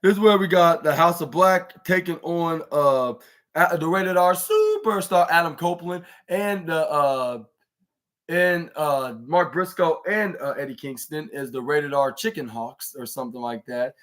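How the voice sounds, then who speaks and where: A man's voice: fairly high pitch, measured pace, fairly bright tone. A man hosting a podcast, giving a casual, rambling play-by-play recap with many restarts and fillers. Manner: acts out wrestlers' lines in raised voice. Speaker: podcast host reviewing wrestling.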